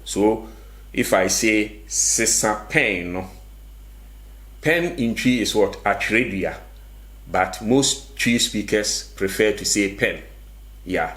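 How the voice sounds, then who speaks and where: Slow, patient male language teacher. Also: lowish voice, fairly bright tone. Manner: patient, repeats each word, asks and answers his own questions. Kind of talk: video language lesson.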